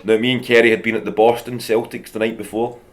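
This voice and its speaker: A man's voice: lowish voice, flat delivery, fast talker. A Scottish man in his thirties, a comedian guest chatting casually and telling stories with a lot of laughter. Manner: chatty storyteller, laughs often. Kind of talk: casual chat.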